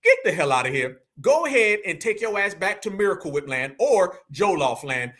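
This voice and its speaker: A middle-aged man, hosting an online show with loud, energetic, slang-filled commentary. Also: high-pitched, moderate pace. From United States. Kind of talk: animated livestream commentary.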